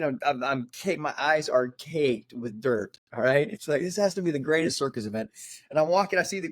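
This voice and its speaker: A middle-aged man with a fairly high voice tells a story on a casual podcast. He is animated and laughs often, acting out what people said. The sound is dry and close to the mic. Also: no room sound. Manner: animated, laughing, acts out quotes. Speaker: podcast co-host.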